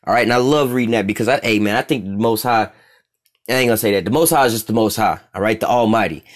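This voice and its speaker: A man's voice: lowish voice, fast talker. A man teaching scripture in a loose street style, profane and rambling, constantly checking in with "all right?".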